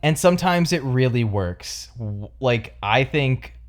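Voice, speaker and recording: A man's voice: medium pitch, measured pace. A young man co-hosting a podcast, chatting casually about films and hedging with lots of fillers. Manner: relaxed, hedging with many fillers. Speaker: podcast co-host. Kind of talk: casual film discussion.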